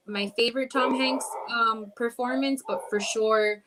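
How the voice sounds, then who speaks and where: A woman's voice: on the high side, fairly even intonation, a little slow, noisy background. A woman co-hosting a podcast in casual chat, talking with enthusiasm and laughing easily. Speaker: podcast co-host.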